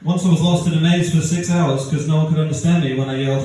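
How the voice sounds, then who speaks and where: A stand-up man with an Australian-sounding accent and a dark, mellow tone, delivering deadpan one-liners with odd stresses. His voice sits a little high and is picked up from a distance, ringing in a very echoey room with faint noise. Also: quick pace. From outskirts of London. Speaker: stand-up comedian. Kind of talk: stand-up comedy set. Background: audience laughter.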